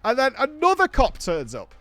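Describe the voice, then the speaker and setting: A man's voice: extremely high pitch, huge pitch swings, moderate pace, a bit bright, dry recording. A middle-aged man, a podcast host, animatedly telling a story in a casual chat, swearing and laughing as he goes.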